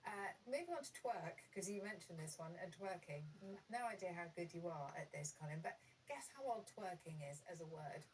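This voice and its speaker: A woman's voice: on the low side, lively intonation, fairly quick, hardly any pauses, far from the mic, slight background noise, rough recording. A woman on a quiz show, explaining word origins with enthusiasm and plenty of ums.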